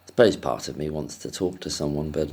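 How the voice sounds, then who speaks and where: A man's voice: a bass voice, quick pace, darkish tone. A man telling a casual, rambling story to camera, hesitant and self-deprecating, chuckling often. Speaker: vlogger.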